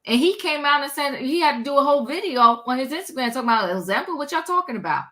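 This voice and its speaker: A woman's voice: high-pitched, expressive, quick pace, bright, forceful tone. A woman hosting a casual commentary livestream, chatty and slangy, greeting her viewers and exclaiming as she goes. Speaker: livestream host.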